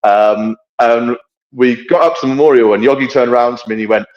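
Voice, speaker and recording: A man's voice: mid-range voice, brisk, lo-fi sound. Blunt, sweary man telling travel stories. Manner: blunt and sweary, lively storyteller. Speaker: podcast guest correspondent. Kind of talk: casual podcast storytelling. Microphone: remote audio setup.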